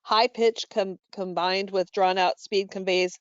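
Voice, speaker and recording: A woman's voice: mid-range voice, steady tone, measured pace, clean tone, no echo, highs cut off. Woman leading a staff training call. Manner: instructive, with frequent fillers and self-corrections. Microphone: call microphone.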